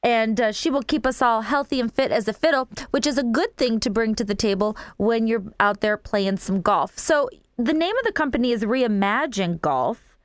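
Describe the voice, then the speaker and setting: A woman's voice: a little high, normal speed, smooth, no echo, studio quality. A woman hosting a local radio talk show, gushing and promotional as she chats and plugs local businesses.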